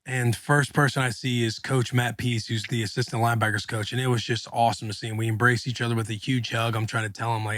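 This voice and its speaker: A man's voice: medium pitch, little pitch movement, fast talker, few pauses, a bit bright, dry recording. A man in his thirties co-hosting a podcast, telling a story in casual, slangy chat and acting out quotes. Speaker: podcast co-host, former NFL linebacker.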